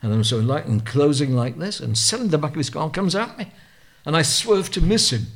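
A man's voice: fairly high pitch, a little fast. A man in his eighties from Lancashire with a Lancashire accent, a retired racing driver recounting vivid anecdotes as an interview guest. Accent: Lancashire English. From Lancashire, England. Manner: vivid storyteller, acts out the people he quotes. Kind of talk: anecdotal storytelling.

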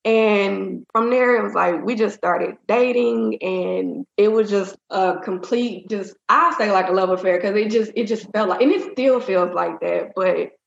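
A woman's voice: medium pitch, a little slow, creaky, few pauses. A woman in an interview, speaking candidly and rambling through a personal story with lots of fillers. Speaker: interview guest. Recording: roomy, dull-sounding audio.

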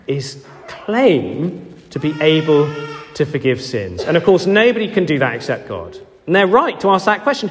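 Animated vicar preaching in an echoing church. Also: male voice, a little high, slight background noise. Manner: animated, acts out the voices of people in the story. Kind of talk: sermon. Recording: long echoey church reverb.

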